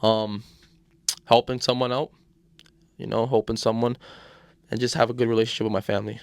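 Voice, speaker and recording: A man's voice: medium pitch, flat delivery, brisk, gravelly, dry recording, clean studio sound. A man, a podcast guest telling stories in crude, slangy casual chat, tossing in "bro" constantly.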